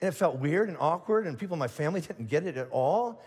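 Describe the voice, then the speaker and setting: A middle-aged man from Indiana preaches to a large church, jumping into little acted-out voices as he tells his stories and often restarting his sentences. His voice sits high for a man, and it rings with the long reverb of a big auditorium. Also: expressive, fast, darkish tone, breathy edge. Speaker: pastor. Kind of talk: sermon.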